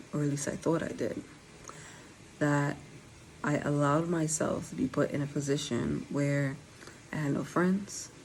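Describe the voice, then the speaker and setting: Low, gravelly woman with a slight lisp. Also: darkish tone, slight background noise, poor audio. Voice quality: slight lisp from dental aligners. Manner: candid, conversational, direct to viewers. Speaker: vlogger. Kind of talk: casual storytime vlog.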